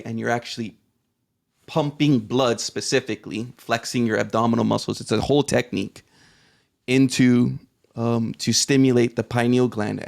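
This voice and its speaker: A man's voice: medium pitch, gravelly. A man around forty, a podcast guest, animatedly retelling a personal experience, acting out his own reactions and swearing now and then. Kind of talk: conversational storytelling.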